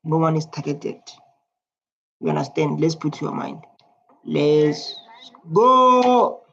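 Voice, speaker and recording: A man with a South African accent giving casual, chatty reaction commentary, repeating himself and filling pauses with "like". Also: fairly high pitch, completely flat delivery, creaky, dark tone, slight background noise. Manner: chatty, repetitive, filler-heavy. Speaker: YouTube reactor. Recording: lo-fi muffled home recording.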